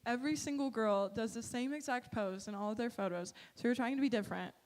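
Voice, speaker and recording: A woman's voice: on the high side, quick pace, a little mellow. A woman casually presenting mission trip photos in a bubbly, giggly way, peppering her talk with "like" and "literally". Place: church sanctuary. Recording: reverberant church hall.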